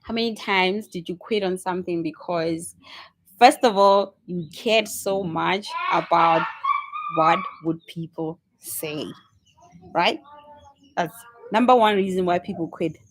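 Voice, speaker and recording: A woman's voice: lowish voice, unhurried. A woman vlogger giving an unscripted motivational monologue, emphatic and repetitive in a preachy way.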